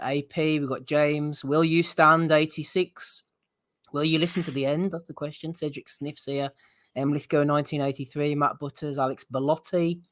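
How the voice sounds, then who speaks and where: A man's voice: on the high side, fairly bright tone, no room sound. A man hosting a casual boxing podcast, reading out names from the live chat and steering the show along. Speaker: podcast host.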